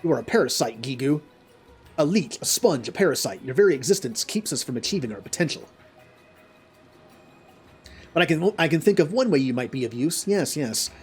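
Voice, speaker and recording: A man voicing a cruel, bullying male kobold overseer in a plain, sneering reading with a husky tone. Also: a little high, expressive, brisk, pauses often, faint music behind. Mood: scornful.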